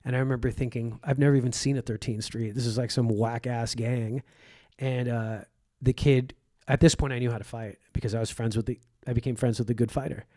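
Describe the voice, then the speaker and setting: Egyptian-born comedian guy telling stories, dark mellow voice, dry close sound, does little voices for people. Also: mid-range voice, fairly even intonation, fairly quick, no room sound. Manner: vivid storyteller, acts out quoted voices. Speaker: comedian guest. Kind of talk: storytelling in conversation.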